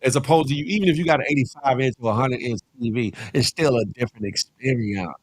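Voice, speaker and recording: A middle-aged man hosting a casual live morning show, animated and slangy, calling out chat names and preaching a little. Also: mid-range voice, fast, slightly rough, no room sound, studio quality. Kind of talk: casual live-stream chat reading viewer comments.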